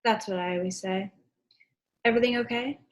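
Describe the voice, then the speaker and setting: Teen girl doing a deadpan secretary lady, dry and sarcastic, middle pitch. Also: fairly quick, close to an everyday voice. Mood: wry. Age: teens. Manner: deadpan, wry. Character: dry, sardonic woman secretary. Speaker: student actor. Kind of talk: school play read over video call. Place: at home. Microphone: video call.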